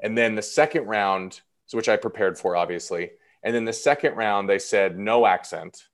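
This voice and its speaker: A man in his thirties talks as an actor guest on an interview show, his voice sitting low. He rambles in an easy, self-deprecating way, full of fillers. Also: normal speed. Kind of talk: casual interview chat.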